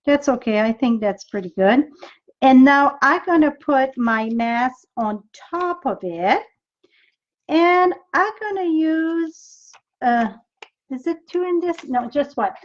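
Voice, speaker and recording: A woman's voice: high-pitched, animated, takes it slowly, highs cut off. A middle-aged French Canadian woman with a French accent, chatting with viewers while demonstrating card making, thinking aloud as she works. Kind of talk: live-streamed crafting demo.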